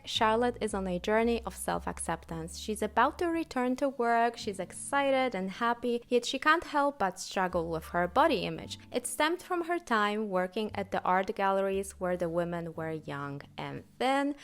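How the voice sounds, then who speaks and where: A woman's voice: mid-range voice, clean tone. Wry, playful woman doing a TV recap. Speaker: TV recap vlogger. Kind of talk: scripted TV recap commentary.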